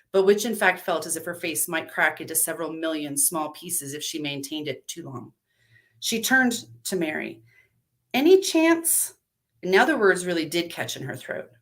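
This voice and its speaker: A woman storyteller reads a dark tale aloud to listeners. Her voice sits a little low, and her reading is measured and expressive.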